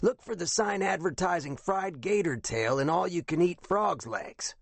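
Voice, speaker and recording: A rough, rasping retired Air Force captain, guarded and quick to take offence, as a male narrator puts him on. The voice sits higher than the narrator's own and carries a gravelly edge. It sounds dry and close. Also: expressive, no echo, heavily acted. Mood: prickly. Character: older man, Air Force veteran, guarded and prickly.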